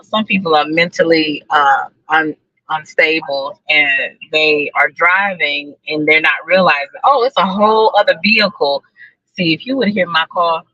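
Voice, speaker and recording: A woman's voice: sits low, sharp tone, dry recording, dull audio. A woman live-streaming casual chat to her viewers from a parked car, talking freely, repeating herself and laughing often. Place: parked car outside a building.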